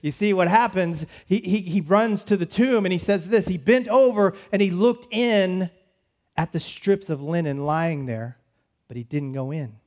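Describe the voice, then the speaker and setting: High-voiced pastor telling a story. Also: male voice, a little mellow. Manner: storytelling, voices the disciples' panic in quick asides. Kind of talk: sermon. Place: church.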